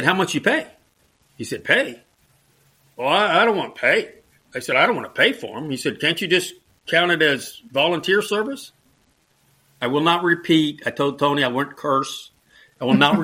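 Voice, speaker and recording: A man's voice: mid-range voice, sharp tone. A middle-aged man, a retired Army officer turned JROTC instructor, telling anecdotes in a casual interview, mimicking the people he quotes in a raised voice and chuckling as he goes. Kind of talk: storytelling in a conversational interview.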